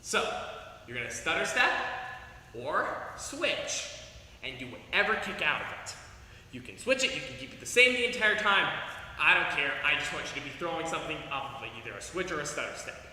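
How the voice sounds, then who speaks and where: A man's voice: a little high, big pitch swings, fairly quick, bright, forceful tone, slight background noise. A young man leading an online martial arts class over a video call, coaching upbeat and giving commands. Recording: echoey hall sound from off-mic.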